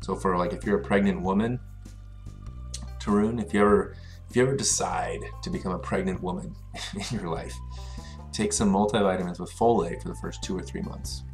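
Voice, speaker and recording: Laid-back low-voiced male streamer. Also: fairly quick, faint music behind. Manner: relaxed, chatty, greets viewers by name. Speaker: teacher streaming a game. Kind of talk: casual live-stream chat.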